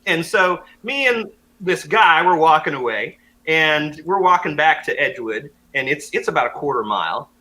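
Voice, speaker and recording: A man's voice: a little high, moderate pace, rough recording. A young man co-hosting a podcast, telling a story in casual chat and acting out the voices of the people in it. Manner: animated, acts out voices and laughs often. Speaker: podcast co-host.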